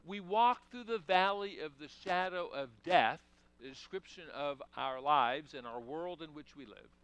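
A man's voice: a little high, measured pace, fairly bright tone, smooth, highs cut off. A man preaching a sermon in a conversational way, asking the congregation questions and breaking into emphatic bursts. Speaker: pastor.

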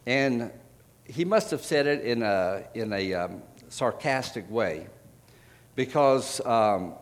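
A man preaching a sermon, retelling scripture stories in a casual, conversational way, pausing with fillers and correcting himself as he finds verses. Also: medium pitch, lively intonation, long reverb tail. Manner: frequent fillers and self-corrections while finding verses.

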